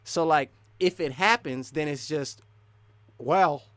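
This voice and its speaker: A man's voice: a little high, a little slow, a bit bright, no echo. Rambling man hosting a live stream. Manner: rambling, restarts often, laughs between thoughts. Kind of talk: casual live stream chat.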